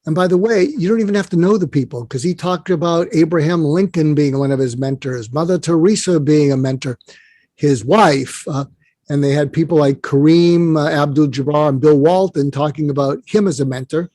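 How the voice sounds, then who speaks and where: Male interview guest, fairly high voice, dry sound; rambling storyteller who restarts often. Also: moderate pace, warm tone, dry recording. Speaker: psychiatrist guest.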